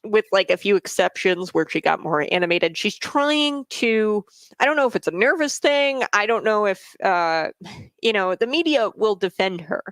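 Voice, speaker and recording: A radio talk show host delivers opinion commentary in a gravelly, creaky voice. The host hammers the same points again and again, with many "uh" fillers. It is a dry studio sound with no room echo. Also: medium pitch, expressive, moderate pace, a bit bright. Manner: emphatic, repeats points, fillers.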